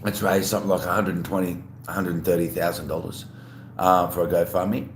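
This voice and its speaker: Flat and brisk, a low-voiced Australian man hosts a casual livestream, eating while he greets viewers and reads their messages aloud. His manner is relaxed and rambling. Roomy echo and faint background hum are audible.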